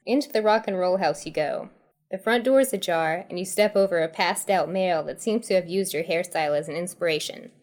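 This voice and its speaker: A woman's voice: on the low side, a little fast, darkish tone. A woman hosting and reading a choose-your-path horror comedy tale aloud, who often breaks into giggles as she reads. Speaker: storyteller host.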